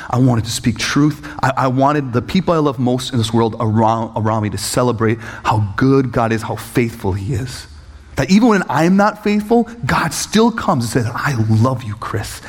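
A man preaching a sermon as he tells a personal story, acting out voices and leaping up in pitch when excited, laughing at times. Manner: animated storytelling, acts out voices, jumps high when excited. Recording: echoey hall reverb.

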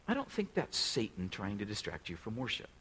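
Husky-voiced man preaching a sermon. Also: on the low side, wildly swooping pitch, a little fast, sharp tone, poor audio. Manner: conversational, questions the congregation directly. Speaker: pastor.

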